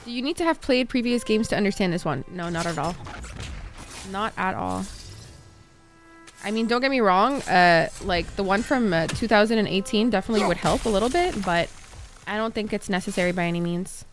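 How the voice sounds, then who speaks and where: A woman's voice: medium pitch, fairly quick, faint music behind. A young woman streaming a video game, chatting playfully with viewers and swearing freely. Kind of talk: casual gaming commentary.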